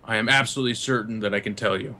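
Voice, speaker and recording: A man's voice: on the low side, steady tone, racing, bright, forceful tone. A man voicing a battle-hardened male cyborg soldier who speaks in clipped, formal sentences. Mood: terse.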